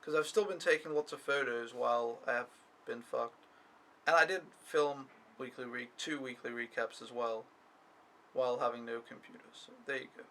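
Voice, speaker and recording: Young man, casual vlog recap, rambling complaints, frequent swearing, bright forceful voice. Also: medium pitch, normal speed, a little hiss or hum, rough recording. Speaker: au pair vlogger.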